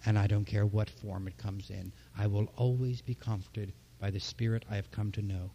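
A man delivering a sermon to his congregation. His voice is mellow and warm, and he preaches with passion, building emphasis through repeated lines. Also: lowish voice, little pitch movement, moderate pace, creaky, lo-fi sound, slight background noise. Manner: impassioned, preaching with rising emphasis and repetition. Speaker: pastor.

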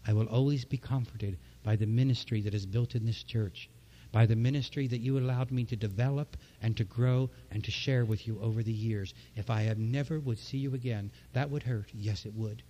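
Impassioned preaching man, mellow voice. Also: mid-range voice, fairly even intonation, brisk, lo-fi sound. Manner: impassioned, preaching with rising emphasis and repetition. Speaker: pastor. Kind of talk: sermon.

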